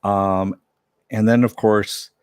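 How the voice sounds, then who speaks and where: A man talks through a TV episode in a loose, rambling way, full of fillers and backtracking. His voice sits a little low. The sound is dry and close. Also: level tone, takes it slowly, darkish tone, clear, resonant tone, dry recording. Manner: rambling, many fillers and self-corrections. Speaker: TV show reviewer. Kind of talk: casual episode recap.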